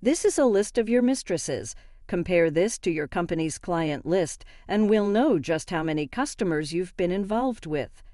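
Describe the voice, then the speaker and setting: A composed young wife with a cool, cutting way of speaking, read by a woman narrating a story. The voice is low and mellow, and the recording is dry and close. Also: lively intonation, normal speed, dry recording, lightly acted.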